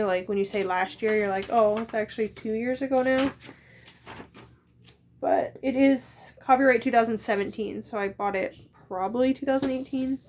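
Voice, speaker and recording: A woman in her thirties with a fairly high voice talks casually about her books. She rambles and drifts into quick asides. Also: a little hiss or hum. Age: 30s. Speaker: book vlogger. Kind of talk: casual chat.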